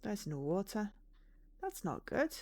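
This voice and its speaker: A woman's voice: mid-range voice, sing-song, measured pace, darkish tone. Chatty woman streaming a game. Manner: chatty, reads game text aloud, joking asides. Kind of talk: casual let's-play commentary.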